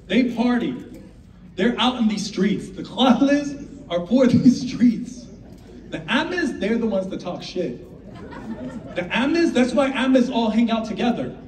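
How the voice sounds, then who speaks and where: A man doing a stand-up comedy set, animated and slipping into character voices. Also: sits high. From United States. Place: live comedy venue with audience. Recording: roomy live sound from a distant mic, audience noise.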